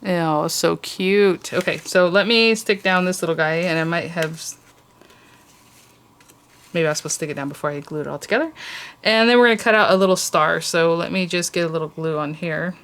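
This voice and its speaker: A woman's voice: lowish voice, brisk, a bit bright, clean tone. A woman hosting a casual crafting tutorial, chatty and gushing over cute details as she works.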